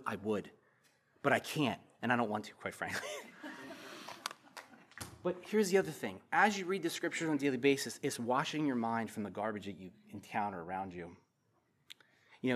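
A middle-aged man preaching a sermon as a pastor in a church, passionate, with loud emphatic bursts and quiet asides. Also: mid-range voice.

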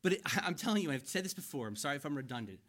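A man's voice: fairly high pitch, big pitch swings, very fast. Emphatic man preaching a sermon. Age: 40s. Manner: emphatic, swings from loud exhortation to hushed asides. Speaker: pastor. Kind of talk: expository sermon.

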